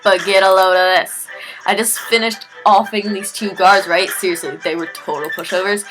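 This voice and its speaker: A woman's voice: medium pitch, fairly even intonation, moderate pace, music in the background, lightly acted, poor audio. A woman doing a brash valley-girl fighter. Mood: taunting. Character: brash young female fighter, mocking.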